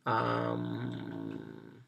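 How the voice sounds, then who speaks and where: A design instructor talking through a software tutorial in a casual, chatty way, thinking aloud and correcting themself as they go. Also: medium pitch, very animated, extremely slow, vocal fry.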